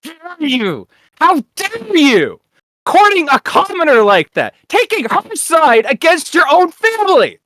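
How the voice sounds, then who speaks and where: A woman voicing a proud, hot-headed young male noble who shouts indignant, arrogant rants. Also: very high voice, huge pitch swings, a little slow, no room sound, pitched above the performer's own voice, full character voice. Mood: indignant ranting.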